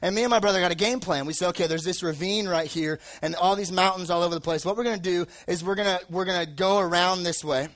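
High-voiced young man preaching casually. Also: quick pace, few pauses, a bit bright. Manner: rambling, filler-heavy, joking storyteller. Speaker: youth preacher. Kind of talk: casual sermon with personal story. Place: live talk before an audience.

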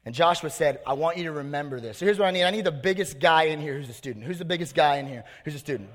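A man delivers a youth sermon in a casual, slangy and energetic way. His voice sits a little high. The sound carries a long reverb from a large hall. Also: fast talker, few pauses. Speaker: youth pastor.

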